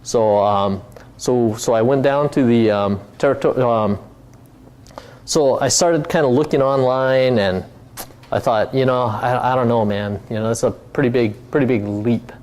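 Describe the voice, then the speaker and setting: A man's voice: medium pitch, a little slow, a little mellow. Middle-aged guy from hawaii telling his business story, lots of ums and restarts, easygoing talk. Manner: rambling, many fillers and restarts. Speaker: company founder giving a talk. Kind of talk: casual speaking talk.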